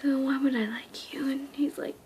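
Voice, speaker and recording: A woman's voice: high voice, fairly even intonation, moderate pace, darkish tone, slight background noise. A young woman casually telling a rambling storytime, often dropping into whispers and squealing when she quotes herself. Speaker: vlogger.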